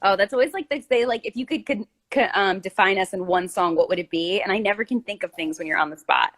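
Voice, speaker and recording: A woman's voice: medium pitch, fast talker, a bit bright. A woman chatting casually on a live stream, teasing and rambling and reading out viewer questions. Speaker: actress.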